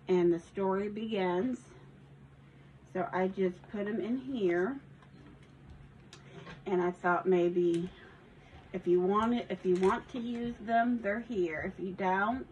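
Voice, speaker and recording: A woman's voice: medium pitch, a little mellow, muffled recording, slight background noise. A woman casually showing a handmade journal from her craft shop, rambling with ums and small self-corrections. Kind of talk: casual craft video walkthrough.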